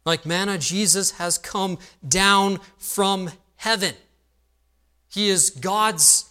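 A male pastor preaching a sermon, emphatic and repetitive, dropping to a hush for weight. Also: high-pitched.

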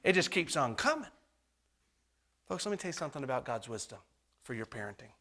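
A pastor preaching a sermon, calling the congregation "folks" and swinging from hushed whispers to loud, emphatic appeals. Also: male voice, medium pitch, husky.

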